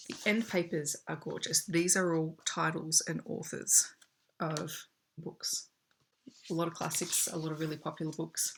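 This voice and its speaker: A young Australian teacher runs through her book haul in a chatty, enthusiastic way, holding pages up to the camera. Her voice sits low and sounds gravelly and husky, with a flat delivery at a normal speed.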